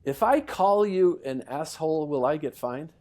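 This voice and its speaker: A man doing a mischievous old-school male golfer who talks boldly and teases, pitched a little higher than his usual voice. The voice stays close to the storyteller's own. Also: animated, moderate pace, darkish tone, close to an everyday voice. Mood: defiant. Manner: bold and teasing.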